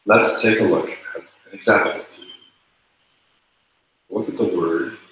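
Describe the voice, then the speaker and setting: A man's voice: lowish voice, steady tone, takes it slowly, a bit bright, slight background noise. A man teaching a classroom lesson, explaining rules step by step and repeating the key points. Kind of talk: classroom lecture. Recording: echoey room, dull lo-fi sound.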